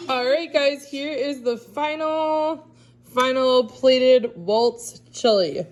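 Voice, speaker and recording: A woman's voice: sits high, slow pace, faint music behind. A middle-aged woman chatting casually to viewers while cooking in her home kitchen. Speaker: cooking vlogger.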